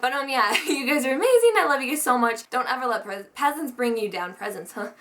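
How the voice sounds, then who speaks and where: A woman's voice: high-pitched, animated, fast talker, bright, forceful tone. A young woman vlogger telling a story in a casual, profane rant, laughing often.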